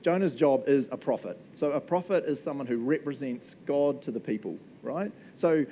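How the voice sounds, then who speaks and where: A man gives a casual Bible talk, his voice mellow and warm. He keeps a relaxed, conversational rhythm, often tagging lines with a questioning "right?". A faint rumble hums beneath the recording. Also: moderate pace, poor audio. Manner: chatty and relaxed, frequent "right?" and laughs. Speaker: pastor.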